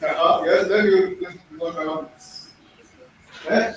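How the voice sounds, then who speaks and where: In an echoey classroom, a middle-aged man from Nigeria teaches pronunciation, speaking slowly in a high-sitting, fairly even voice. He repeats words and tests his students, recorded from a far-off mic with faint background noise.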